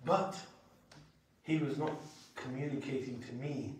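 A man teaching an Islamic lesson, telling stories with lively acted-out voices. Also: medium pitch, measured pace, slight background noise. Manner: animated storyteller who acts out quoted voices and laughs. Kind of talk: sermon with told anecdotes. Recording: echoey hall, voice from far off.

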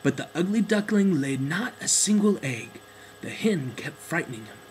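A man narrating a children's storybook in a gentle, expressive way. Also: a little high, normal speed, a little hiss or hum, low-quality recording.

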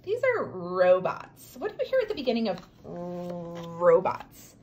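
A woman teacher giving a remote reading lesson to young children, encouraging them and slowly sounding out words. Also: fairly low pitch, huge pitch swings, a little mellow, highs cut off, a little hiss or hum.

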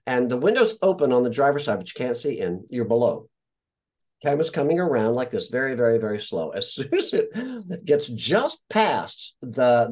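Animated man telling a story. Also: medium pitch. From Indiana. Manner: animated storyteller, swears freely, acts out quoted voices. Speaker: actor guest. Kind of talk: casual interview storytelling.

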